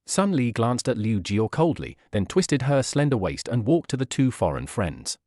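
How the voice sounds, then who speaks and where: Man reading a story, lively pitch, dry sound. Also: normal speed, few pauses, no echo. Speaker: narrator. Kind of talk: scripted narration of a web novel.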